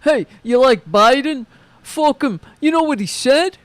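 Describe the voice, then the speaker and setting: Woman doing a loud, crude New truck driver guy. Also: high voice, animated, measured pace, dry recording, pitched above the performer's own voice. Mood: taunting. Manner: loud, swaggering, foul-mouthed.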